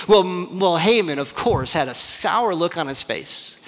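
A man preaching a sermon and retelling a story in an animated, dramatic, conversational way. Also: high-pitched, a little slow, few pauses, big-room sound.

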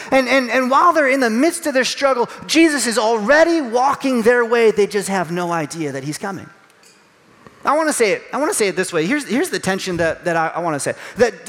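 A male pastor giving a sermon in a conversational, animated way, acting out little voices as he tells the story. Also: very high voice, in a large hall.

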